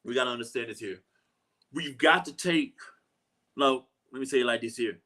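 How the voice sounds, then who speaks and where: Expressive and fairly bright at a medium pitch, this man hosts a live talk show at a moderate pace, leaving long pauses. He speaks earnestly, repeats himself for emphasis, voices the people he quotes, and often asks "you know what I'm saying."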